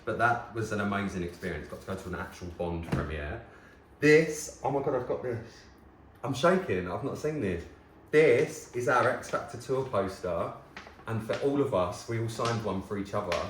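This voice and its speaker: Chatty gushing man in an echoey room. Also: lowish voice. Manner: chatty and gushing, quickly excited and tearful. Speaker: former talent show contestant, presenter. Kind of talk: casual vlog, showing keepsakes to camera. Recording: echoey room, faint hiss.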